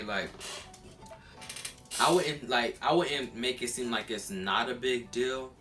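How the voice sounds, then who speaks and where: A vlogger with a medium-pitched, sharp-toned voice tells a casual story while eating, speaking slowly with frequent pauses over faint background music. He rambles with lots of fillers, often repeating himself and restarting.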